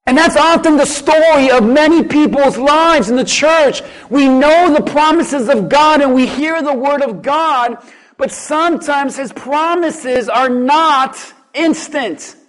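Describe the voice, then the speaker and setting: Male pastor, very high voice, slow emphatic sermon delivery. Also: fairly bright tone, low-quality recording. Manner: emphatic, repetitive rhetorical questions.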